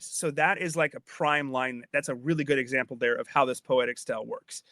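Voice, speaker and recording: A man's voice: medium pitch, fairly even intonation, a little fast, few pauses, fairly bright tone. A man giving a casual spoken lecture as a podcast host, chatty and a little tipsy from wine, often repeating and restarting his phrases and checking that his listener follows. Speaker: podcast host explaining Old English poetry.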